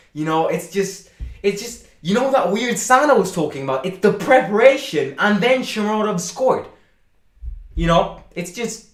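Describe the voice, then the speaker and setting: Hyped-up guy streaming a football match, kinda high voice, loud celebrations, echoey room. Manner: excitable, shouts and boasts at goals, chatty with viewers. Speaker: football watchalong host. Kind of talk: live stream match reaction.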